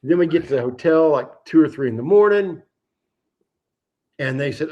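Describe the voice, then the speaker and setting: A man hosting a livestream, telling a fishing story in a casual, animated and profane way. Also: a little high, moderate pace, muffled recording. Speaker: livestream host.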